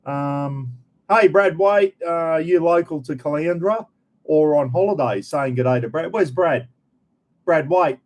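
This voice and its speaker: A man's voice: on the high side, a little slow. A middle-aged Australian man hosting a casual live chat, rambling and friendly, calling everyone mate as he greets viewers. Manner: rambling, chatty, frequent "bloody" and "mate". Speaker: livestream host.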